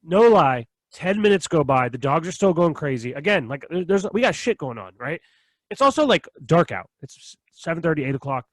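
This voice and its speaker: A young man co-hosting a podcast tells a long, swear-filled story in a casual chat, acting out both sides of an argument. His voice sits on the high side with a sing-song lilt, at normal speed in a dry recording.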